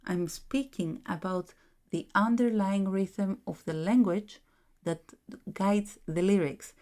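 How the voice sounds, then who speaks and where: A woman's voice: mid-range voice, takes it slowly, darkish tone. A Greek-accented woman lecturing on poetry and language rhythm, talking with emphasis and tapping out beats with her voice. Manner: emphatic, demonstrates rhythms by chanting and clapping. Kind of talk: presentation talk.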